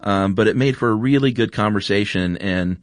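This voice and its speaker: A man's voice: on the low side, a little fast, dry recording, clean studio sound. A man, hosting a podcast and telling a story casually, with many fillers and restarts. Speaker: podcast host. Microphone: studio microphone.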